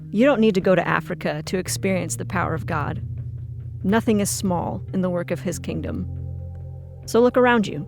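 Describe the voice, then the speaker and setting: A podcast host giving calm, reflective scripted narration and speaking directly to listeners. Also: medium pitch, moderate pace, gravelly, faint music behind.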